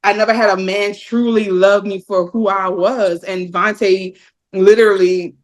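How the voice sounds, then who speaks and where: A woman in her thirties in casual podcast chat, telling stories in an animated way, swearing freely and laughing often. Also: mid-range voice, normal speed. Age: 30s. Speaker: podcast guest.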